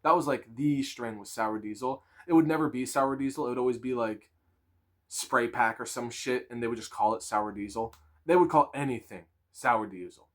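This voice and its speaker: A man in his twenties telling a casual storytime with crude slang, animated and laughing. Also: medium pitch, normal speed.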